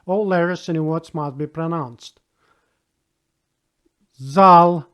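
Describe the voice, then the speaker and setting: Slow, patient man teaching a language lesson. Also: a little high. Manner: patient, spells out rules and repeats example words.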